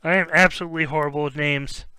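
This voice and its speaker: His pitch sits on the high side and he talks quickly, with a clean tone and no echo. He's a young guy running a card break, casually rambling as he cracks packs, fumbling player names here and there and getting excited in bursts. It's easygoing stream talk over card openings.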